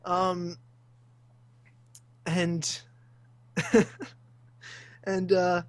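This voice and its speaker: A man's voice: sits high, drawn-out words, dry recording. A man, telling a story on a casual podcast, swearing freely and acting out the voices of the people in it. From Australia. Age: 20s. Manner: animated, swears freely, acts out voices in stories. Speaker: podcast host.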